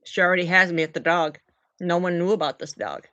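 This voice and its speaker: A middle-aged woman vlogging, telling a personal story in an emotional, animated way to camera. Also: on the low side, fairly quick, dry recording, lo-fi sound. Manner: emotional, animated, talks to her dogs mid-story.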